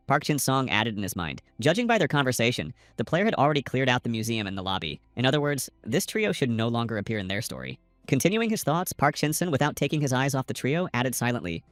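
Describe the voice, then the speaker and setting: A man's voice: mid-range voice, lively intonation, fast, fairly bright tone, no echo, faint music behind. A man narrating a comic-book recap in a scripted storytelling style, reading every character's lines himself with slightly uneven stresses. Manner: reads all characters' lines in a lightly varied narrator voice.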